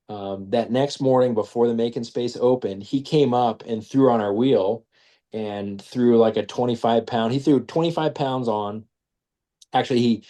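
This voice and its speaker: A man telling a story in animated, casual fashion, slipping into quoted voices as he goes. He sits at an ordinary middle pitch. He restarts his sentences often, talking it through as he remembers. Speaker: guest, business owner.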